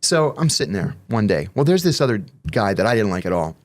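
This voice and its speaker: A man, a guest on an interview show, telling profane stories in a casual, animated way. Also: fairly low pitch, fairly quick. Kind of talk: casual storytelling.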